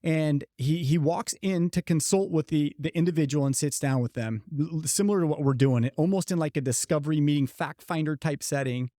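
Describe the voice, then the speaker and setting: A middle-aged man with a mellow voice, a little higher than most, tells a business story earnestly. He leans on his key lines by slowing down. The sound is dry and close to the mic. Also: dry recording. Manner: earnest storyteller, slows down to stress key points. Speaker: podcast co-host. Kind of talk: motivational podcast talk.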